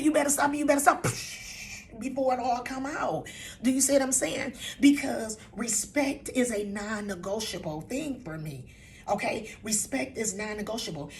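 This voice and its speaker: A woman's voice: medium pitch, a little hiss or hum. An older woman, a vlog host, talking casually to the camera, repeating herself and often asking "you know what I'm saying?", with laughs mixed in. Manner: emotional, laughs while talking.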